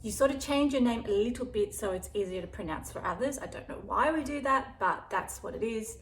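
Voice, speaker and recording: A woman's voice: a little high, lively intonation, a little fast. A woman with an Australian accent, chatting casually in a rambling way as a dog vlogger. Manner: rambling, chatty, breaks off to talk to her dog. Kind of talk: casual vlog chat. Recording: echoey room, faint background hiss.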